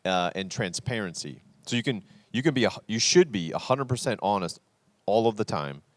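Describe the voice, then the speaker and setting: A man's voice: fairly low pitch, animated, fairly quick, dry recording. A man co-hosting an unscripted faith podcast, talking earnestly and acting out bits of quoted dialogue. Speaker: podcast host.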